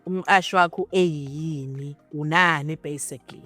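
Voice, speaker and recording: Low-voiced interviewer. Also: female voice, moderate pace, fairly bright tone, soft background music. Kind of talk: interview questions, mixing English and Zulu.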